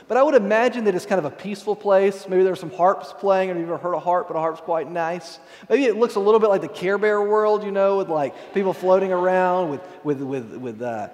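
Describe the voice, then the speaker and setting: Conversational pastor in a reverberant church. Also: male voice, high-pitched. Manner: casual, conversational preaching with asides to the congregation. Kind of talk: sermon. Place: church sanctuary. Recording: long hall reverb.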